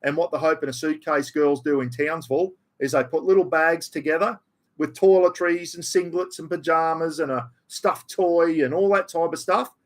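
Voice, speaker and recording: This middle-aged Australian man has a slightly high, somewhat bright voice as he goes through his livestream chat from a room at home with the aircon on. His style is broad and blokey, with "mate" and "bloody" coming up often.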